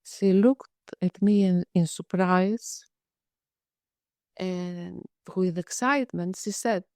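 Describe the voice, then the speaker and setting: Slow, measured woman psychiatrist telling a case. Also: fairly low pitch, a little mellow, dry recording, clean studio sound. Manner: slow, measured storytelling with frequent restarts. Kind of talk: case presentation in a webinar. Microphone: video call.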